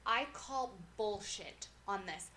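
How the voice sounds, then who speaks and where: A woman's voice: mid-range voice, expressive, slow pace, a crowd in the background. A young woman from Bakersfield co-hosting a podcast, chatting casually and ranting bluntly with frequent swearing. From Bakersfield, California. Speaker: podcast co-host. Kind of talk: casual chat.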